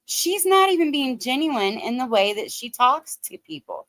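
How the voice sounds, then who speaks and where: A woman's voice: high-pitched, big pitch swings, normal speed, hardly any pauses, fairly bright tone, dry recording. A woman with a Southern Ohio accent ranting bluntly and profanely as she comments on a livestream. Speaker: drama commentary streamer.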